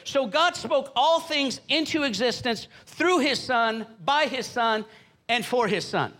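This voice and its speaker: A man's voice: very high-pitched, lively intonation, a little slow, pushed and bright. A middle-aged man preaching a sermon as pastor, fervent and rhythmic, repeating phrases and calling out to the congregation.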